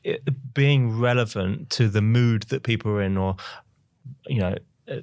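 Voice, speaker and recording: A man's voice: lowish voice, measured pace, a little mellow, dry recording, studio quality. A man with a London accent, co-hosting a podcast, telling rambling anecdotes with many restarts. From England. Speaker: podcast co-host. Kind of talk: casual chat.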